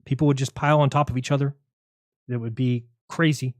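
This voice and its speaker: A man hosting a livestream, talking in a rapid, argumentative, sarcastic way to his viewers. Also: mid-range voice, steady tone, dry recording, studio quality. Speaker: livestream host. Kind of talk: casual livestream monologue.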